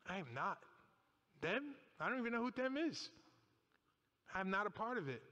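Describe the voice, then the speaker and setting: A man's voice: sits high, expressive, sharp tone, muffled recording, full character voice. A preacher acting out a flustered grown man who hurriedly denies knowing anyone, heard in a reverberant church. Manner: flustered, rushed denials. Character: flustered adult man denying he knows anyone. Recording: echoey church hall.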